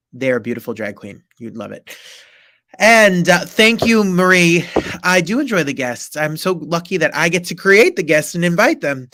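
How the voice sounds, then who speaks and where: An eager male interview host with a bright, forceful tone, promoting the show and stumbling over restarts. The sound is dry and close, with no room around it. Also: a little high, no room sound. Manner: enthusiastic, promotional, stammering restarts. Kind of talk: interview hosting, online show.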